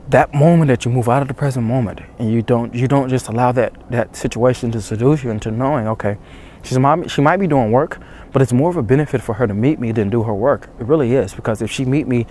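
A man speaks low and intensely as a dating coach, repeating his urgings over and over. He is shivering from the cold, out of doors before dawn, and his voice sits at an ordinary pitch. A faint hum of ambience runs underneath. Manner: hushed, intense, repetitive urging. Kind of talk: motivational talk to camera.

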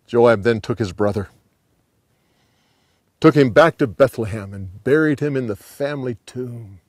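A man telling a Bible story dramatically, rising with the action and dropping low at the ends of scenes. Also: measured pace, no room sound, studio quality. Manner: animated, dropping to hushed endings.

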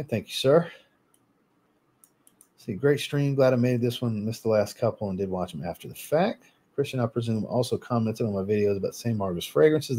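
A man hosting a casual livestream, reading viewer comments aloud and answering them in a relaxed way. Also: fairly low pitch, slightly rough. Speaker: fragrance livestream host.

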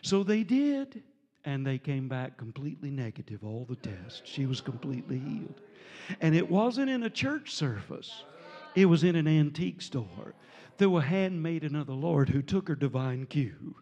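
A male preacher telling stories from the pulpit in a gravelly voice that sits a bit high. His delivery is animated and jovial, leaping up and down in pitch. The sound carries the long echo of a church sanctuary. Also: normal speed, highs cut off. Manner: animated, jovial, breaks into laughter and shouts. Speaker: visiting preacher. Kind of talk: storytelling sermon.

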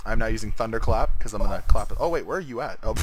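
A man's voice: fairly low pitch, lively intonation, fast talker, noisy background. A man casually commentating his own video game duel, joking, swearing and trash-talking his opponent. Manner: joking trash talk, lots of laughing and swearing.

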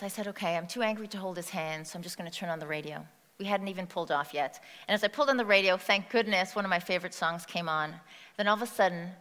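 A woman speaking at a personal-growth conference addresses a large hall from the stage, her medium-pitched voice pushed and bright. Her motivational talk is conversational, with questions put to the audience, all wrapped in long hall reverb.

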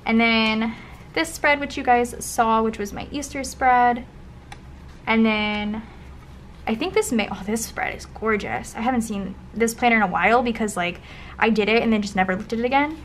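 A young woman flipping through her old planner spreads in a casual vlog, often trailing into soft, breathy gushing asides. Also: on the high side, normal speed. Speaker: planner vlogger. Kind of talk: casual flip-through commentary. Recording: faint background noise.

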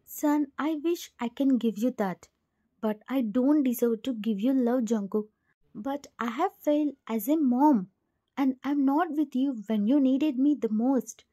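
A woman voicing a remorseful middle-aged mother who speaks softly and apologetically, in a storybook reading. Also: sits high, a little slow. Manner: soft, apologetic.

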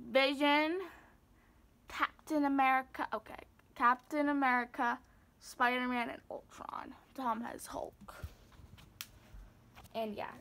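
A woman's voice: on the high side, bright, forceful tone. A woman giving a rambling, giggly home-tour vlog, recorded on her phone indoors. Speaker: vlogger.

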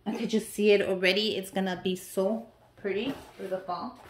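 A woman vlogger opening gift mail, chatting casually to viewers and gushing with excitement over each item. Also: medium pitch, normal speed, slight background noise. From United States. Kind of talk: casual unboxing chat to viewers.

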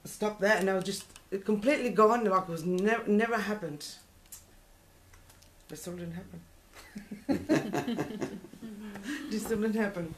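A woman's voice: medium pitch, measured pace, pauses often, a little hiss or hum. A woman earnestly recounting a personal experience in a casual group talk, often laughing between words. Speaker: participant sharing experience.

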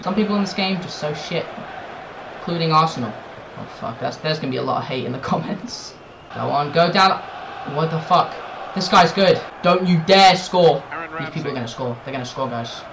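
A young man doing loud gameplay commentary for a football video game, swearing and shouting at the players. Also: on the high side, brisk, noisy background. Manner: excitable, swears a lot, yells at the game. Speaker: gaming YouTuber. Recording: game music playing behind. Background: soccer game music and commentary.

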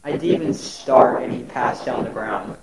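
A man's voice: medium pitch, fairly even intonation, normal speed, roomy sound, noisy background, lightly acted. A man playing a teasing, snooping young man in a casual roleplay. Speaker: roleplay player.

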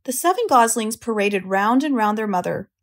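A woman with an American accent reading a children's audiobook aloud in a clear, measured way for English learners. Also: on the high side, lively intonation. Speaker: audiobook reader, English teacher.

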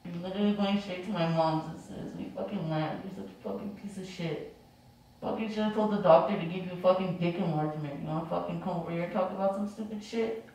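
A woman's voice: fairly low pitch, quick pace, a little mellow. A woman in her twenties arguing with her fiancé in a prank vlog, sleepy and then cursing and roasting him. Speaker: vlogger. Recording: echoey room from far off.

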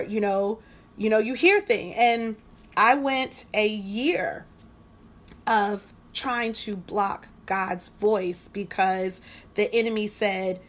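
A woman with a medium-pitched, fairly bright voice hosts a devotional study. Her teaching is conversational and testimonial, with phrases repeated for emphasis.

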